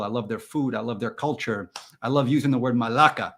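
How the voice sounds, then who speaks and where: A man hosting a live stream and chatting with viewers in a goofy, rambling way, jumping from loud mock-indignant bursts to mumbled asides. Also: mid-range voice, fairly quick. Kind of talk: joking live chat with viewers.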